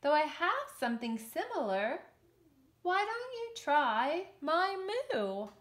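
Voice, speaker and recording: A woman's voice: high-pitched, sing-song, slow, echoey room, voice pushed up, full character voice. A woman doing a friendly farmyard cow.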